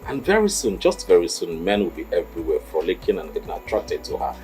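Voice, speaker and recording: A man's voice: low voice, very animated, fast, a little mellow, faint music behind. An actor playing an anxious father who confides in his maid, in a film. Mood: worried. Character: worried widowed father, middle-aged man. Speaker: employer and father. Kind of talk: film acting.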